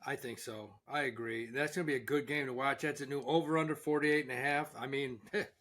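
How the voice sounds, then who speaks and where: A man's voice: medium pitch, steady tone, fast talker, a bit bright. A man hosting a casual sports betting talk show, talking brashly and swearing as he shares gut-feeling picks. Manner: brash, swearing, hedging hunches. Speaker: host.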